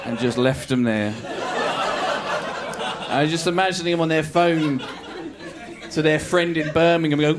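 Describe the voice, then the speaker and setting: A man doing stand-up comedy storytelling, animated and self-mocking, laughing through his lines. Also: a little high, moderate pace, pauses often, crowd noise, noisy background.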